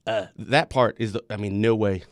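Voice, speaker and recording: A man's voice: fairly low pitch, steady tone, moderate pace, dry recording, clean studio sound. A young man from the Midwest hosting a casual live-stream interview, joking and asking rambling questions with many restarts. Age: young adult. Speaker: host.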